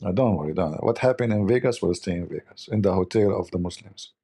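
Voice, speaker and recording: A man's voice: deep voice, lively intonation, fast talker, dark tone, slightly rough. A man from the Middle East with an Arabic accent, hosting a casual livestream chat and telling rambling, joking stories full of "you know". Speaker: livestream host.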